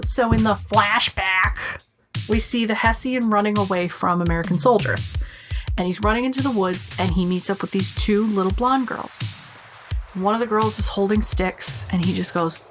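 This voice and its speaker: A woman co-hosting a podcast in casual chat, animated and swearing freely as she acts out quotes. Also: medium pitch. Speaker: podcast co-host.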